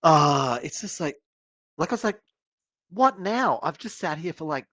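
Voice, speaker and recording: A man's voice: on the high side, normal speed, no echo. A man co-hosting a casual chat show, telling rambling stories and laughing often. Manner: rambling, laughing, animated storytelling. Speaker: podcast co-host.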